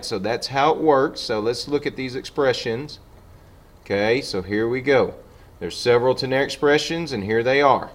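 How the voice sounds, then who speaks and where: A man teaching a Spanish lesson, patiently walking through examples and slowing down for each sample sentence. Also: mid-range voice. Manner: patient, repeats "okay" and slows down for example sentences. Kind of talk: classroom lesson explaining on a board.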